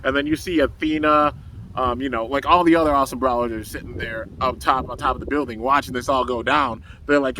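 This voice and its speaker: A man's voice: medium pitch, steady tone, a little fast, pushed and bright, a little hiss or hum, low-quality recording. A young man casually recapping a cartoon episode, rambling and laughing often as he acts out the characters' lines. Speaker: anime reviewer.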